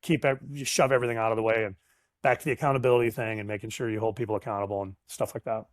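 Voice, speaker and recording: His voice runs on the low side and comes out rapid-fire, recorded in studio quality with no room sound. A middle-aged sales professional guesting on a casual storytelling interview, he acts out the dialogue with animated flair and casual slang.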